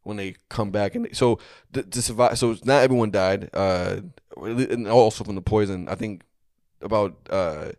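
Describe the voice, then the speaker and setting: A man's voice: fairly low pitch, moderate pace, darkish tone, no echo, studio quality. A young man co-hosting a podcast, telling a story in a loose, rambling way with many restarts. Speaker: podcast co-host. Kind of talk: casual storytelling chat.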